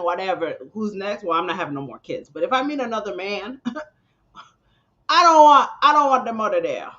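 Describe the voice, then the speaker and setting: A woman hosting a live reaction stream, her talk swinging widely in pitch as she chats and exclaims. Her voice is bright and forward. The sound is dull and lo-fi, like stream audio. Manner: chatty, exclaiming, breaks into laughter. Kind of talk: casual live-stream chat.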